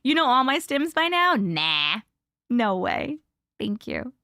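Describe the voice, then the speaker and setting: Young woman host, fairly high voice, chatty and scattered with playful noises; very dry, close sound. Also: sing-song, takes it slowly, pushed and bright, no echo. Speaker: livestream host reading viewer stories. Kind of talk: casual live chat with viewers. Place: home room.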